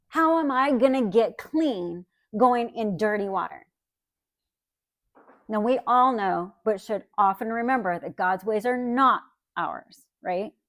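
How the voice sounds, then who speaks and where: A woman's voice: fairly high pitch, no room sound, clean studio sound. A woman Bible teacher giving a conversational teaching talk, often checking in with listeners by asking "right?".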